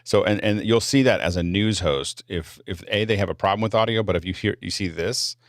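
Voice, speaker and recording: A man hosting a casual panel discussion over a video call, talking quickly and often restarting his sentences. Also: on the low side, no room sound, clean studio sound. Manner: rapid, with frequent restarts. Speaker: show host.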